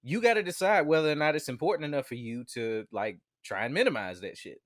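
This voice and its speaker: A man co-hosting a podcast in casual, profane chat, jumping up in pitch when making a point. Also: fast talker, no echo, studio quality. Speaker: podcast co-host.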